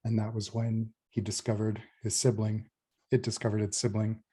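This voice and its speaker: A man's voice: on the low side, monotone, normal speed, dark tone, slightly rough. A man player narrating a flashback in a tabletop game, hesitant and restarting.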